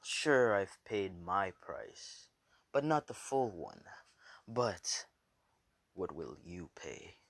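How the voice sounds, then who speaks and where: Man voicing a sneering demon lord villain: hushed, unhurried, deepish. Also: animated, no echo. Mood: gloating. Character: cruel mocking male demon lord. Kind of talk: casual fan story reading.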